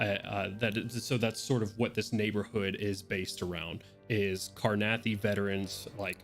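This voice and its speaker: A man describes a tabletop game world as its dungeon master, loose and conversational, swearing now and then. His voice sits low. Faint music plays behind him. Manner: casual, rambling, swearing.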